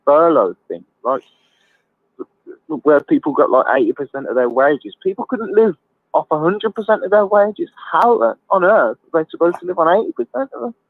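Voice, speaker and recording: A man's voice: a little high, animated, normal speed, no echo. A male caller rants casually on a live stream, calling the host mate and son. His voice comes through a tinny phone line and sounds dry and close. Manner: ranting, swears, calls people mate and son. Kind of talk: casual chat.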